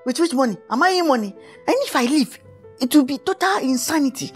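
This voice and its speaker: A man's voice: extremely high pitch, fairly quick. A man with a Nigerian accent playing a heartbroken young musician who is dramatic and whiny, in a Nollywood film. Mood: exasperated. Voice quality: excitable, wailing, melodramatic. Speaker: actor. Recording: light background music.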